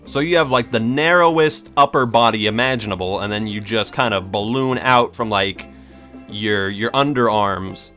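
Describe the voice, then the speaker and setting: Young man, game commentary, rambling and sarcastic, fairly low but bright, faint music under. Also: normal speed. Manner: jokey, rambling, sarcastic asides. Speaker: let's play host. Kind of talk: casual gameplay commentary.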